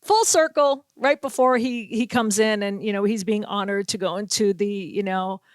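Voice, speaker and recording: A woman with a Boston accent, a podcast host and sports reporter telling an animated story and acting out the quotes. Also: mid-range voice, normal speed, no echo. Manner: animated storyteller, acts out quotes, laughs often. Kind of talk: casual storytelling chat.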